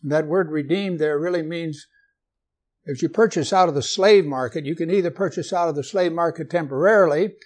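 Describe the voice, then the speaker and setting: A man preaching a sermon, reading scripture aloud and asking his listeners questions, with light humor. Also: fairly high pitch. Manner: asks the congregation questions, jokes gently.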